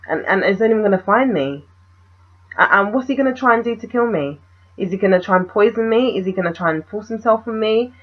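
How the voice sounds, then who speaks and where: A woman telling a personal story in a vlog, animated and full of rhetorical questions. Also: medium pitch, fairly quick, dull audio. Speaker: vlogger.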